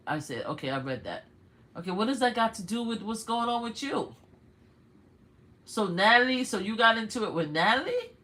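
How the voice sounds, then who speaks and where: An older woman from Brooklyn with a New York accent, hosting a casual livestream where she reads texts aloud and reacts loudly with swearing and laughter. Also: on the low side. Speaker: livestream host.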